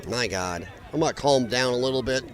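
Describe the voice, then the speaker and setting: A man's voice: medium pitch, fairly quick. A man hosting a live stream, commenting on protest footage in a blunt, mocking and profane way, rambling with frequent restarts. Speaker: livestream commentator.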